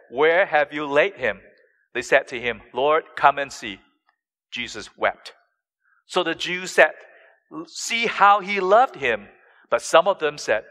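Male pastor, slightly high voice, slow and deliberate sermon delivery, big dramatic swells, long church-hall reverb. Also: pushed and bright. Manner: slow, deliberate preaching with dramatic rises in pitch and volume.

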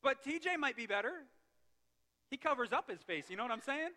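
A male pastor preaching a sermon in a church, impassioned, swinging from loud passages to hushed ones. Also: very high voice, animated, fairly quick. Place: church sanctuary. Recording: long reverb of a church hall.

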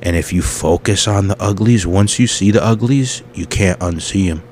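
A deep-voiced man hosting a comedy podcast, talking in a loose, rambling way. He jumps between tangents with crude, self-mocking humor. A faint hiss sits under his voice. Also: normal speed, a little mellow. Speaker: podcast host.

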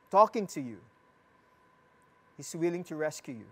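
A preacher gives a sermon and reads scripture aloud. The delivery is slow and deliberate, with phrases repeated, and the preacher asks the listeners questions and jokes with them. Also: mid-range voice, very animated, breathy edge.

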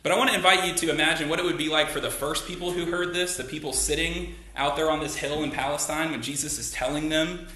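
A man preaching a Sunday sermon with a bright, forceful voice that sits a little high for a man. He talks to the congregation conversationally and keeps asking them rhetorical questions. The sound rings around a roomy, echoing church. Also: steady tone, quick pace, few pauses, a little hiss or hum. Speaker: pastor. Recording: echoey room.

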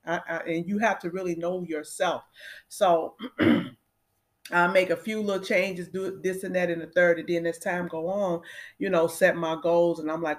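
A woman's voice: fairly low pitch, steady tone, a little slow. A woman in her fifties chatting casually to her viewers, addressing them directly and using lots of fillers. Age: 50s. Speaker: vlogger.

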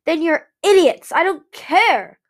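A woman voicing a proud young male ice dragon who snaps at his friends in a sharp, forceful way. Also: high voice, expressive, moderate pace, pitched above the performer's own voice. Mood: angry.

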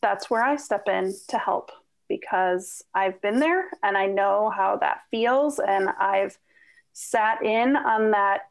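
A woman's voice: mid-range voice, takes it slowly, vocal fry, rough recording. A woman with a Minnesota accent, a guest on an interview podcast, talking frankly and casually. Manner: frank, relaxed, swears casually. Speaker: podcast guest, donor conception coach.

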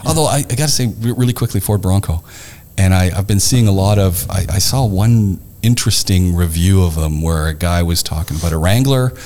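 A man's voice: sits low, brisk, few pauses, a little hiss or hum. A man hosting a podcast in a studio, chatting casually and acting out conversations as he tells stories. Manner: animated storyteller, acts out conversations. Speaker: podcast host. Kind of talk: casual chat.

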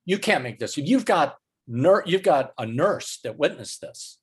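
A man recounting a story as an interview guest. His voice is a little husky and he takes his time. He hesitates often and fills pauses with ums, uhs and repeated words. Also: fairly high pitch, big pitch swings. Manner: slow, halting delivery with many fillers.

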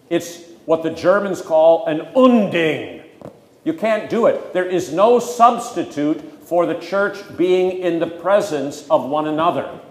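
A man's voice: on the high side, a little mellow. Male pastor teaching catechism, emphatic w dry jokes, echoey room. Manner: emphatic, conversational with dry humor. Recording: echoey room with faint ambient noise.

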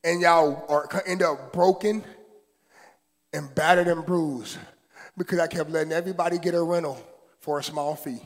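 High-pitched guy preaching, jokey and slangy, long hall reverb. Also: normal speed, long pauses. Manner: animated, joking, slangy preaching. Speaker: pastor. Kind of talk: sermon.

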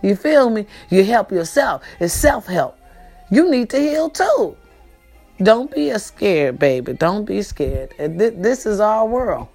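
Animated, profane woman vlogger. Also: a little slow, soft background music. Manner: animated, profane, preachy, swooping pitch. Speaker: vlog host. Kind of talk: casual motivational talk to viewers.

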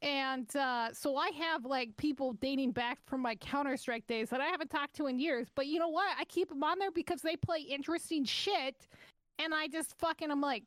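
A woman's voice: high voice, moderate pace, a bit bright, dry recording, studio quality. A young woman co-hosting a podcast in casual chat, swearing often and joking around. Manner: profane, chatty and joking. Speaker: podcast co-host.

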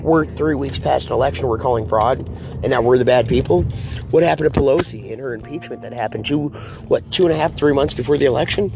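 Gravelly dude hosting a political rant show, keeps saying folks, music faint in the back. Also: male voice, medium pitch, fast, a little mellow. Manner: preachy, addresses viewers as folks and guys. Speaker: political talk show host. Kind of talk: ranting political commentary.

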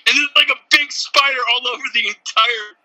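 Animated podcast co-host man, high and very bright, jokey, mimics people. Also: brisk, rough recording. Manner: animated, laughing, slips into mocking voices. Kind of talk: casual podcast chat.

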